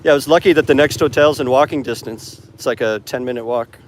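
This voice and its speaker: An English teacher and vlogger livestreams while walking down a city street, holding his phone camera as he rambles casually with lots of fillers. His voice is medium-pitched and fast, with a little hiss or hum.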